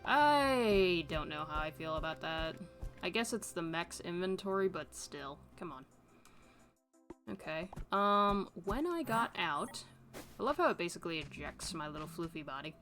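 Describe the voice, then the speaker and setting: A woman's voice: on the low side, a bit bright. A woman streamer giving casual gameplay commentary, chatty and self-amused as she thinks aloud.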